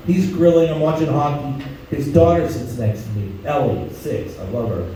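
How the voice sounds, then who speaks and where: A high, mellow-voiced man works a crude stand-up set, acting out the people in his stories. He sounds far from the mic in a very echoey club, with faint room noise behind him. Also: moderate pace. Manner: crude, storytelling, acts out voices. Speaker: stand-up comedian. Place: comedy club stage, audience laughing.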